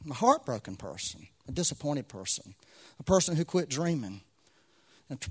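A man's voice: mid-range voice, darkish tone, breathy edge. A man preaching a sermon to a congregation, repeating phrases with swelling intensity. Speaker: pastor.

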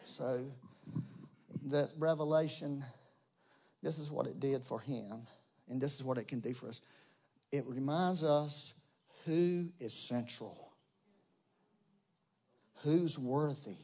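A man preaching a sermon, talking straight to his congregation and swinging between loud emphatic bursts and soft low asides. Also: slow pace, pauses often. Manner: conversational, addresses congregation directly. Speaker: pastor.

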